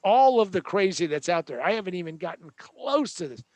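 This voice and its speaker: A man's voice: high voice, big pitch swings, fairly quick, a little mellow, no room sound. A man hosting a show, delivering a joking, sarcastic tech rant with a rambling manner. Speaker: host.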